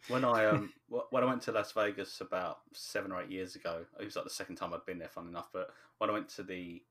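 Man, low deep voice, halting and hesitant, casual podcast co-host. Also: steady tone, a bit bright, slight background noise. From from just outside London, England. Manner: hesitant, many ums and restarts. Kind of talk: casual chat about a TV show.

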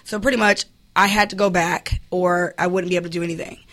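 A woman's voice: fairly low pitch, steady tone, fairly bright tone. A woman in her thirties, a guest in a casual interview, telling her story candidly and with emphasis. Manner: candid, emphatic, quick to laugh.

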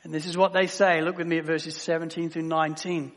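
Male pastor, conversational sermon delivery with hushed drops; hall reverb. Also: on the high side, level tone, fast, few pauses. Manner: conversational preaching, dropping to near-whispers.

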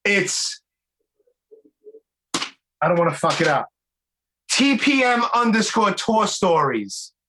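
Bright-voiced, profane podcast host. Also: male voice, high-pitched, sing-song, slow, long pauses, a little hiss or hum, rough recording. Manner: profane, effusive and enthusiastic. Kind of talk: casual interview chat.

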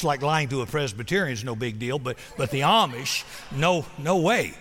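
A man preaching a sermon, telling a story with big swings between loud, acted-out moments and soft, hushed appeals. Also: mid-range voice, expressive, normal speed. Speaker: pastor. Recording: long hall reverb.

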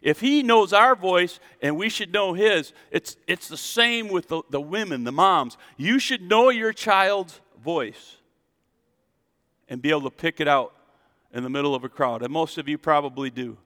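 A man preaching a sermon as a pastor, animated and drawing call-and-response from his congregation in a church sanctuary. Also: fairly high pitch, normal speed. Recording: long reverb in a hall.

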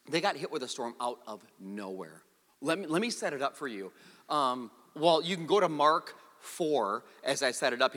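Lively, animated male preacher in a hall. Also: on the high side. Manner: animated storytelling with jokes. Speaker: pastor. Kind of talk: sermon. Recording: long hall reverb.

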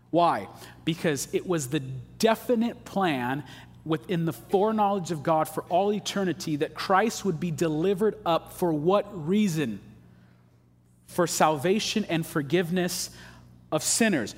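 A man's voice: on the high side, expressive, a little slow. A pastor preaching a sermon in a casual, emphatic way, dropping slang asides as he explains scripture. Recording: long hall reverb.

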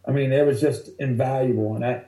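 A male stand-up comedian telling rambling, animated stories from the road in a casual interview. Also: medium pitch, fairly quick, roomy sound, low-quality recording. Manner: animated, rambling anecdotes that act out other people's lines.

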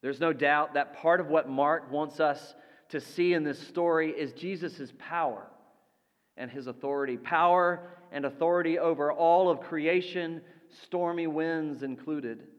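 A man preaching a sermon as pastor, slow and deliberate, letting his voice drop soft for quoted lines. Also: fairly high pitch, muffled recording. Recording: long reverb of a large hall.

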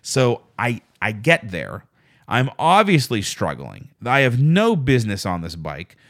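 A male podcast host spinning a rambling, self-deprecating story on his own, with plenty of swearing. His pitch rises and falls a lot as he talks, at a middling register. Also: huge pitch swings, a little slow, fairly bright tone. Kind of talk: casual solo podcast storytelling.

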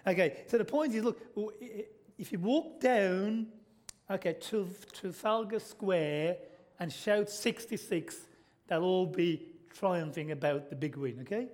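Preaching a sermon in church, a British man speaks a little slowly in a darkish tone, his voice pitched high for a man. His style is conversational: he puts questions to the congregation and checks in with "okay?" as he goes.

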